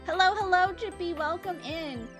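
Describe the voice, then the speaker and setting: A woman's voice: extremely high pitch, normal speed, music in the background. A young woman streaming a game live, chatting casually and greeting her chat by name.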